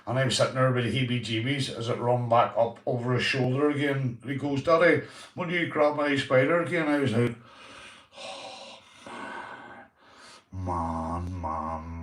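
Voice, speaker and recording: A man's voice: mid-range voice, roomy sound, far from the mic. A Northern Irish man hosting a casual livestream, chatting to viewers and telling sweary stories. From Northern Ireland. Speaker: livestream host.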